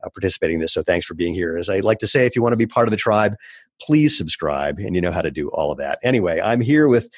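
A man's voice: low-pitched, animated, no room sound. A man hosting a podcast, chatting casually and joking with his guest. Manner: jokey, quick, laughs often. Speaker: podcast host. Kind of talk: casual interview chat.

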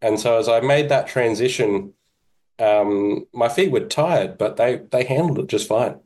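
A man, a podcast guest talking in a relaxed, self-deprecating way with halting restarts. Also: medium pitch. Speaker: podcast guest, kettlebell instructor. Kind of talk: casual interview chat.

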